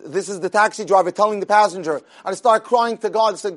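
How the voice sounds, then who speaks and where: A man's voice: high voice, fast. A man retelling an inspirational story in a conversational way, acting out the characters' lines and often restarting his sentences. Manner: animated, acts out the characters' dialogue; conversational, with frequent restarts and repeated words.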